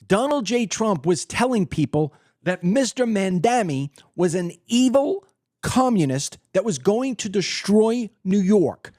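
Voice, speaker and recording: A man hosting his own political commentary show, delivering a heated monologue in a blunt, combative way that swings between loud outbursts and low, threatening tones. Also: sing-song, unhurried, no room sound, studio quality.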